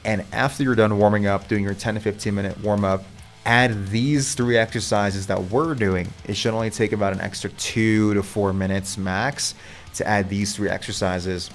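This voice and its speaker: A laid-back male vocal coach talks viewers through warm-up exercises, chatty and unfiltered. His voice sits on the low side, with faint guitar music playing underneath. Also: vocal fry. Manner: casual and chatty, with loose swearing. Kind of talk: casual instructional talk.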